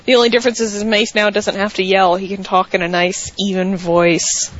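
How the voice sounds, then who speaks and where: A woman's voice: medium pitch, level tone, slight background noise. Female co-host, casual and thoughtful, muffled lo-fi sound. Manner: thoughtful, measured, says her views at length. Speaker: podcast co-host. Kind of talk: casual chat.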